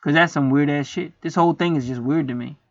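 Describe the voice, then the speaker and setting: A man's voice: fairly high pitch, fast, dry recording. Rambling, profane man, dull sound. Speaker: spiritual video host. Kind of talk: casual monologue to camera.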